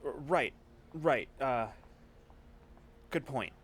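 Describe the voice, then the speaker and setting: A twitchy delivery driver, put on by a man who stammers through every excuse and keeps apologizing. He sounds eager to please and quick to back down, in a mid-range male voice. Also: mid-range voice, slightly rough. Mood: nervous. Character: nervous male delivery driver, easily cowed.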